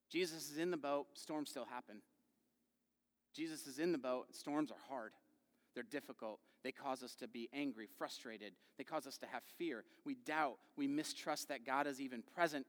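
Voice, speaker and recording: Man preaching in a reverberant hall. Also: mid-range voice. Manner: conversational, asks the congregation questions; acts out quoted voices with swings in loudness. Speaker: pastor. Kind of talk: sermon.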